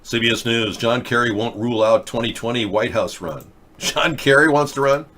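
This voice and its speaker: A man's voice: medium pitch, moderate pace, sharp tone. A man hosting a political talk show, chatting casually and thinking aloud with plenty of fillers and restarts. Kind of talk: rambling casual commentary. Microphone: webcam or desk mic for a video chat.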